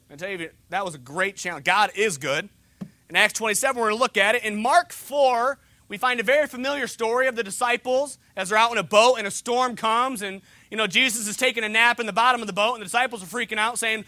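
Bright-voiced young pastor joking from the pulpit. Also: male voice, sits high, no room sound. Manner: joking, conversational preaching. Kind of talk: sermon with humorous asides.

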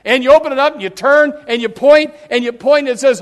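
A man's voice: very high-pitched, fast talker. A man preaching a sermon in a folksy way, with many restarts, acting out what people say. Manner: folksy, repetitive restarts, acts out quotes. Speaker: pastor.

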